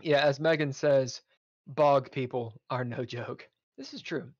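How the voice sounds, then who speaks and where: A man's voice: medium pitch, unhurried, no room sound. A man, a podcast guest, telling a casual road-trip story with swearing and laughter. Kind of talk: casual chat. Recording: dull lo-fi audio.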